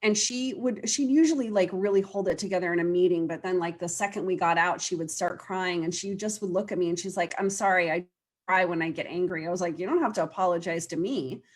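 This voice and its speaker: Woman guest coach, low-ish pitch, earnest and chatty. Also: fairly quick. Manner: earnest, explains with quoted client voices. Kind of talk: casual interview conversation.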